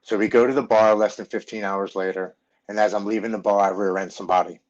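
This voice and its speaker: A middle-aged man with a low, steady voice speaks fast as a guest in a podcast interview, telling his own story frankly and bluntly. The recording is dull and lo-fi.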